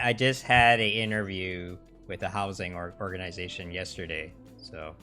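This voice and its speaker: Rambling through a casual livestream with lots of restarts, this male host curses and ridicules things in sarcastic quotes. His voice sits lowish and sounds pushed and bright.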